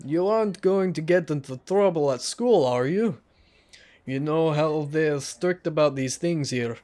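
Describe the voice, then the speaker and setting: A man's voice: fairly high pitch, unhurried, mellow, lightly acted. A man voicing a friendly male bartender who gives folksy, encouraging advice while reading a visual novel aloud. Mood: curious.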